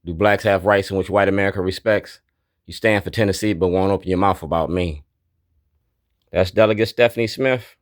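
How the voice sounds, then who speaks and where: A man's voice: sits low, fairly even intonation, fairly quick, dry recording, studio quality. A man, an activist, walking through his documentary and pointing things out one by one in a blunt, declarative way. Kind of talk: narrated documentary walkthrough.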